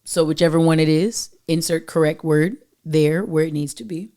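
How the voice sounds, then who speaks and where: A woman hosting her own podcast, chatting casually with playful, animated asides and quick self-corrections. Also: sits low, a little hiss or hum. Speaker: podcast host. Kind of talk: casual solo podcast talk.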